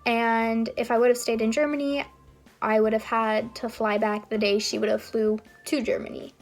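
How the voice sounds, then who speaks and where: Chatty young woman, slightly high voice. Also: flat delivery, normal speed, faint music behind. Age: young adult. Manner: chatty, rambling with frequent ums and likes. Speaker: vlogger. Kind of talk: casual storytelling to camera.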